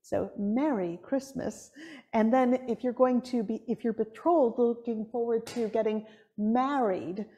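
A high-voiced woman with a Buffalo, New York accent gives a sermon in a somewhat hard, nasal tone. She tells stories in an animated way and laughs often as she preaches. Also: unhurried.

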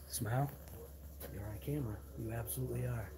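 In a brisk, gravelly mid-range voice, a man with a non-rhotic Boston-area Massachusetts accent that drops his R's leads a live walkthrough vlog of a large hobby shop. As channel host he chats casually behind the camera, rambling and muttering asides. Background noise can be heard.

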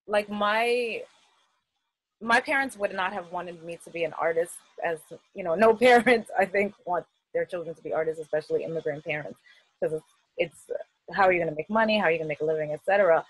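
Guest, woman, Queens accent, lowish husky voice, dry close sound, easygoing and talkative. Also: brisk, no room sound, poor audio. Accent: New York, Queens. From United States. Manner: chatty, laughs often, many fillers. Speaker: festival artist guest. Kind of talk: casual interview.

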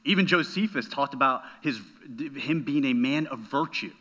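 A man's voice: mid-range voice, animated, normal speed, sharp tone. A man preaching a sermon as a pastor, emphatic, often checking in with "right?" and repeating words as he goes.

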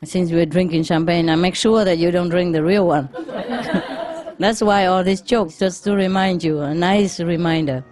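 A woman's voice: fairly low pitch, steady tone, a little slow, a little mellow. Woman teacher, casual joke-telling lecture, laughs often, chatty. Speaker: spiritual teacher.

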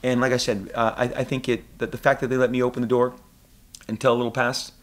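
Excitable middle-aged man talking comics. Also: medium pitch, quick pace. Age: 40s. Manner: excitable, acts out quotes in funny voices. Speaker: comic book creator interviewed. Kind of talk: animated casual interview talk. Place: convention interview room.

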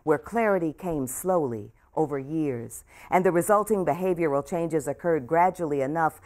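Low-voiced older woman reading her memoir. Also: moderate pace. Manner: warm, emotional, speaks softly and trails off. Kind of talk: author talk and book reading. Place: bookstore event room.

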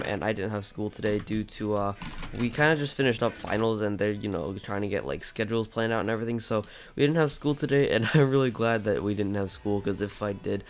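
Groggy young man narrating gameplay. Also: fairly low pitch. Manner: rambling, chatty, frequent fillers. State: groggy just-woken morning voice. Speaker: gaming channel host. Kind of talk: casual gameplay commentary.

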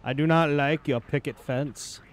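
A man's voice: a little high, fairly even intonation, measured pace. A man giving casual gameplay commentary, joking and talking to enemy tanks in silly put-on voices. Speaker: gaming channel host.

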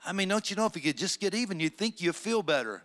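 A man preaching a sermon as pastor, swinging between loud emphatic stretches and low, conversational asides. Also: animated, fast talker. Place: church sanctuary.

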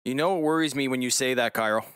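A man's voice: mid-range voice, quick pace, a bit bright, clean tone, dry recording, studio quality. Joking man streaming a game. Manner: joking, swears casually, chats with viewers. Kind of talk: casual live-stream chat while gaming.

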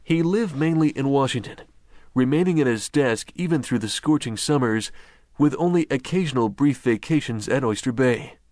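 Male audiobook narrator, measured and even, mid-pitched, very dry close-mic read. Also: no room sound. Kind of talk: scripted narration.

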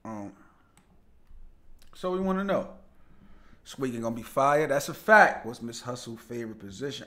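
A young man hosts a casual livestream, chatting loosely, greeting viewers by name, and laughing easily as he reads their comments aloud. His mid-range voice is expressive, bright, and forceful, moving at a moderate pace with long pauses.

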